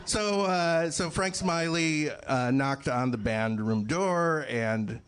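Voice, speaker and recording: A man's voice: fairly high pitch, slow, fairly bright tone. A man telling a rambling comic story on a live podcast, laughing often and restarting his sentences. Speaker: guest comedian.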